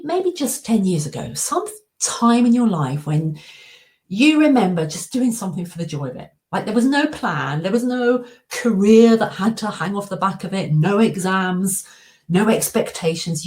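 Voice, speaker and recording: A middle-aged woman, giving a coaching presentation with slides and acting out her inner dialogue as she tells a story. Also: mid-range voice. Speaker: anxiety coach and speaker.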